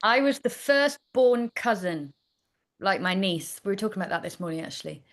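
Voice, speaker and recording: A woman's voice: medium pitch, lively intonation, moderate pace. A woman, a chatty guest telling stories in a casual interview. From Nottingham, England. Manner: chatty storyteller, trailing off. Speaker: astrologer guest.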